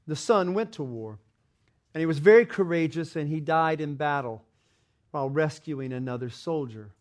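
A man with a somewhat high-pitched voice delivers a sermon. He tells a story with dramatic swings, lifting his voice for the characters and letting it drop low and soft at the tender moments. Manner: dramatic retelling of a parable, voicing characters with rising intensity; quiet, slow and reverent in prayer. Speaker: preacher.

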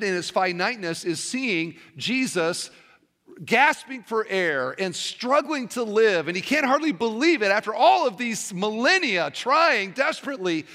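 A man's voice: high voice, bright, forceful tone, in a large hall. A male pastor preaching a sermon, telling a story and asking rhetorical questions.

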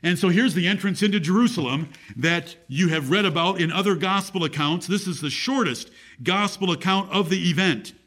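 With a high-pitched, fairly bright voice at a moderate pace, an American preacher teaches from the Bible. He declaims scripture in a raised voice and asks his listeners questions.

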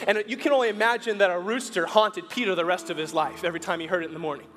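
Man, pastor, sermon, high voice, hushed to forceful, long hall echo. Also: steady tone. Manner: shifts between hushed, slow storytelling and rising, forceful appeals; acts out the Bible characters' lines in a casual, buddy-like voice.

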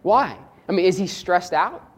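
A preacher giving a sermon and reading scripture aloud, shifting between quiet, low reflective lines and raised, emphatic ones, often asking rhetorical questions. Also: lively intonation, normal speed, slightly rough.

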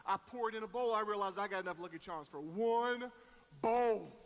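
Man in his 30s, very high bright voice, folksy storytelling sermon. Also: very fast. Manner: folksy, self-deprecating storyteller with fillers and voiced quotes. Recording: echoey hall.

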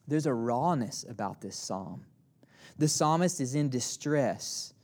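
A male pastor preaching a sermon with earnest, emphatic phrasing, slowing down on key lines and dropping to a hushed voice for asides. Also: medium pitch, animated.

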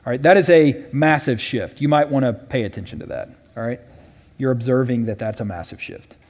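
A man teaching a Bible study class in a casual way, often checking in with "right?" and voicing quoted lines loudly and dramatically. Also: medium pitch, brisk. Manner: conversational, with frequent "right?" and "all right?" check-ins. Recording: long reverb from a large hall.

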